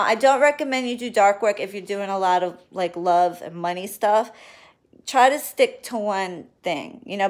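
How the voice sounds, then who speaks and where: A woman doing readings and spell work, chatting casually and affectionately to her viewers on a livestream, swearing now and then. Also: medium pitch. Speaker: spiritual reader and spell worker.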